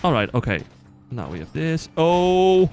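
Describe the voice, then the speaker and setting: Gamer guy w an accent chatting to y'all while he plays, super lively ups and downs, self-mocking yelps. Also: mid-range voice, a little slow, faint music behind. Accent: non-native English accent. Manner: chatty, excitable, talks to viewers as "y'all". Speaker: gaming channel host. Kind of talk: casual let's-play commentary.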